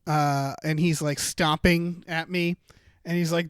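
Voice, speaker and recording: Man, podcast co-host, high voice, rambling improv storytelling, dry close mic. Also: steady tone, measured pace, a bit bright, smooth, dry recording. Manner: rambling, hesitant, filler-heavy narration. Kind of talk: improvised comedic storytelling game.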